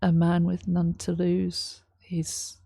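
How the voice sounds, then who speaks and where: A woman reacting to a song, reading lyrics aloud and explaining them in a thoughtful, halting way, with many ums. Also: fairly low pitch, completely flat delivery, vocal fry, mellow, husky, no room sound, studio quality. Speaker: music reaction host. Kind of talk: casual reaction commentary.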